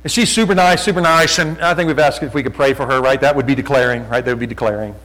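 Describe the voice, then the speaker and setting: A man preaching a sermon, telling folksy stories and talking loud, often repeating his phrases. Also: mid-range voice, fast talker, poor audio. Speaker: pastor.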